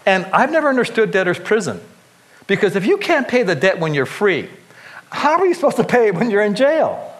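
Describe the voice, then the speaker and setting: Male pastor, sermon delivery, fairly high voice, animated asides with frequent restarts. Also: fairly quick.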